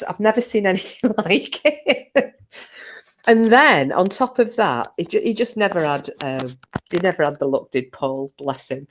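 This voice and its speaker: A woman's voice: fairly low pitch, no echo. Woman, middle-aged, rambling funny anecdotes, dry close mic. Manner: chatty, animated anecdotes with laughs and asides to viewers. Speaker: livestream host. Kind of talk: casual storytelling chat.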